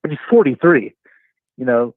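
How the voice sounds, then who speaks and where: Man, phone-in caller, tinny phone line, lively pitch, chatty. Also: moderate pace, no echo. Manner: chatty, laughing, lots of fillers. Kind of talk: phone-in chat.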